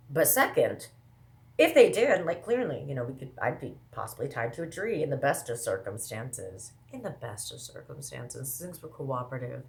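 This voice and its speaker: A woman from the American Midwest talking casually to her viewers, rambling fast with lots of asides and self-interruptions. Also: very deep voice. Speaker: vlogger. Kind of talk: casual monologue to camera.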